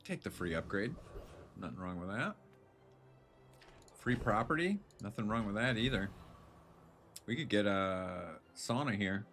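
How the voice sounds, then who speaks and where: A man streaming a video game live, thinking out loud in a laid-back, jokey way. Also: fairly low pitch, expressive, unhurried, pauses often, faint music behind. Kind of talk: casual live gameplay commentary.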